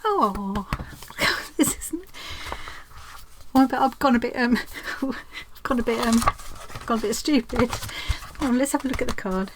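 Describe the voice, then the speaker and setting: A woman with a fairly high voice chats casually from her craft room. She is excitable and gasps often as she unboxes parcels. A faint background noise sits under her voice. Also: unhurried, long pauses. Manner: chatty and excitable, gasping and laughing often. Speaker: craft channel host. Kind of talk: casual chat while unboxing mail.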